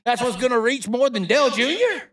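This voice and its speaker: Man, host, profane ranting, rhetorical questions, swooping pitch, dry close sound. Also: big pitch swings, brisk, a bit bright, no room sound. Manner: heated, swearing, rhetorical questions. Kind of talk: profane live-stream rant.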